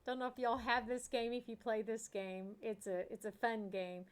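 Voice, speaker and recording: A woman's voice: on the high side, level tone, moderate pace, clear, resonant tone. A middle-aged woman chatting casually with viewers while streaming a farm sim, laughing often and talking to the game animals. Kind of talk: casual live-stream chat.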